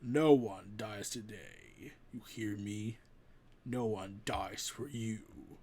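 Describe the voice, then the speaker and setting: A man's voice: fairly low pitch, lively intonation, takes it slowly, creaky, mellow, husky, pitched below the performer's own voice, exaggerated voice. A man voicing a proud male thunder god king who makes grand, archaic declarations, read from a comic. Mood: defiant.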